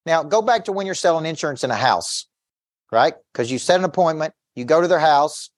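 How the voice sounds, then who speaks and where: A man's voice: on the high side, expressive, a little fast, dry recording, studio quality. A man who works as a business coach, giving an intense motivational seminar talk to an audience, telling stories with quoted back-and-forth dialogue and repeating words as he pushes his points.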